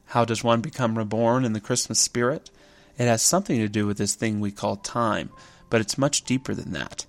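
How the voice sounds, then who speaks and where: A man's voice: lowish voice, moderate pace, vocal fry, no echo. A man giving a reflective spoken essay, thoughtful and contemplative, who often poses rhetorical questions.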